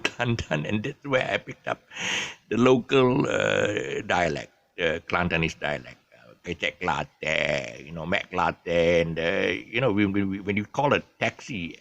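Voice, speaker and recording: An older man from Malaysia with a Malaysian English accent, telling stories in a casual, rambling way with many pauses and chuckles. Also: low-pitched, vocal fry, a bit bright. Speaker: vlogger. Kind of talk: casual storytelling monologue.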